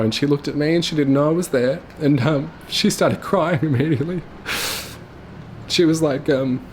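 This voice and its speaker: A young man telling his late mother's story to camera, tearful and halting, with his voice breaking. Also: fairly high pitch, darkish tone, slight background noise. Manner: halting, full of fillers and restarts.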